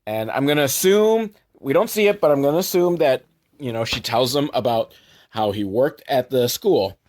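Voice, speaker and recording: A man recapping a movie for comedy, sarcastic, jumping into quick put-on voices for the characters. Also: medium pitch, lively intonation, darkish tone.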